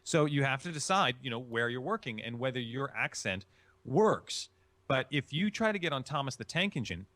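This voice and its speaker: Male interview guest, animated delivery, dry close sound, emphatic teacher manner. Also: mid-range voice, normal speed, no echo. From Chicago. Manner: emphatic, explanatory, repeats key phrases. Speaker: voice-acting guest. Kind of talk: instructive interview answers.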